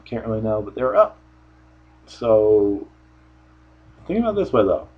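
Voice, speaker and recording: A man's voice: fairly low pitch, breathy edge, lo-fi sound. A man giving a casual solo review of a wrestling show, rambling offhand with frequent restarts.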